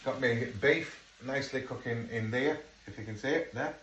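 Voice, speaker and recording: A man's voice: medium pitch, moderate pace, fairly bright tone. A middle-aged man chatting casually as he cooks at home, swearing under his breath now and then. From England. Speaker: home cook. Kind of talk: casual cooking vlog chat. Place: home kitchen. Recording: echoey kitchen, far from mic, noisy.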